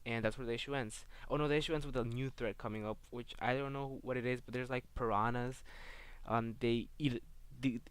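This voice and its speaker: Flat-voiced man rambling through a comic review. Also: medium pitch, fairly quick, clean tone, no room sound. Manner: rambling, heavy on fillers like "um" and "like". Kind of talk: casual video review.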